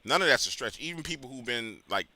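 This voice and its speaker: A man with a New Orleans accent hosting a call-in show, chatting casually, swinging from loud bursts to low mutters. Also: expressive, fast, no echo.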